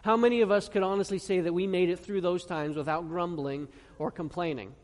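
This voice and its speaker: A pastor preaching a sermon in an earnest tone. He asks the congregation questions and reads scripture slowly, stressing each phrase. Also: high voice, steady tone. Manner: earnest preaching with rhetorical questions and slow emphatic scripture reading. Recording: long reverb of a large hall.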